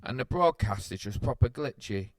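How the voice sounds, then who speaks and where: A man co-hosting a podcast, making wry deadpan quips and telling stories slowly. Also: mid-range voice, no room sound. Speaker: podcast co-host. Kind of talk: casual chat.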